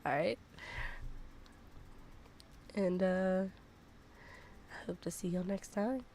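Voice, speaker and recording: A woman's voice: lowish voice, slow, warm tone, a little hiss or hum. Rambling casual woman streamer. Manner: rambling, filler-heavy, self-deprecating. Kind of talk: casual chat while gaming.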